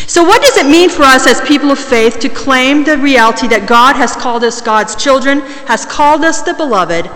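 A woman preaching a sermon in a large church, measured and slowing down to stress key words. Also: high voice, lively intonation, a bit bright. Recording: long reverb of a large church.

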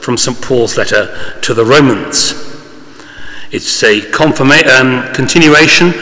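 A man's voice: medium pitch, a little slow, bright, forceful tone, long reverb tail. A man preaching a sermon in a conversational way, with small asides and fillers. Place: church.

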